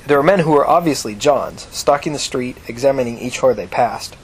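Narratore maschile dalla voce roca. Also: male voice, mid-range voice, a little fast, husky. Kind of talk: audiobook narration.

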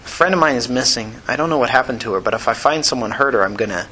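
A man reading a story, voicing a tough, touchy young woman who is quick to anger. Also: mid-range voice, animated, bright, forceful tone, slight background noise. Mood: earnest.

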